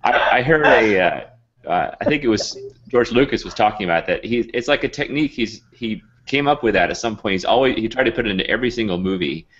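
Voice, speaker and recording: A man's voice: on the low side, animated, a little fast, fairly bright tone, lo-fi sound, slight background noise. A man hosting an online show, talking casually and rambling with lots of fillers. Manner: rambling, chatty, many fillers. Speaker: host. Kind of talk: casual video call chat.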